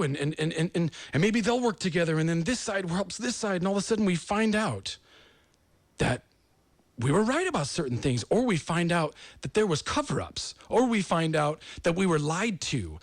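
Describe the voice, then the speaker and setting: American guy hosting a talk show, rambly and emotional, kinda higher voice. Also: dry recording. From United States. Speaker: host.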